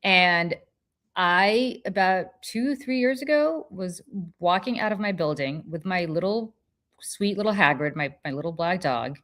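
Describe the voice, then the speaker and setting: A woman hosting a podcast, telling a story in casual chat with lively, profane energy. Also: on the low side. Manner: animated, profane, quick restarts. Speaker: podcast host.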